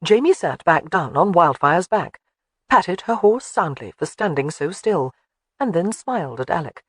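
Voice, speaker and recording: Expressive audiobook narrator. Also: medium pitch, unhurried, breathy edge, no room sound, studio quality. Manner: expressive storytelling. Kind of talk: scripted narration of a historical romance.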